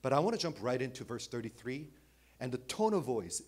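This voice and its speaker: A man preaching a sermon as pastor, shifting from loud emphasis to soft, hushed phrases, with small slips in his phrasing. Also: medium pitch, big pitch swings, normal speed, slightly rough. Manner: dynamic, swings between loud emphasis and hushed near-whisper.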